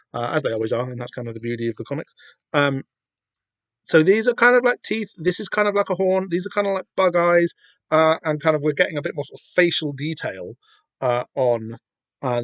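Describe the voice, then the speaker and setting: A man's voice: mid-range voice, no echo. Rambling man talking comics. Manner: rambling, lots of fillers and restarts. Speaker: podcast host. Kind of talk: casual comic-reading commentary.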